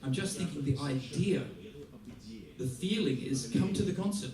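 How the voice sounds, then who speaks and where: A man from Australia giving a music masterclass, playful and lively, acting out little scenes as he teaches. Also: fairly high pitch, moderate pace, a crowd in the background. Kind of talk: masterclass talk. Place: large theater hall. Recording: roomy hall from a distance. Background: audience laughter.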